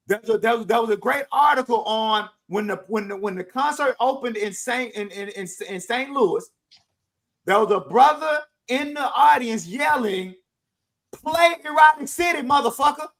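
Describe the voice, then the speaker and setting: Brief: middle-aged male podcast co-host with a high voice, forceful and insistent, stacking restarts as he argues. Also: low-quality recording. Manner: emphatic, animated, repeats words while building a point. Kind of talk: casual discussion.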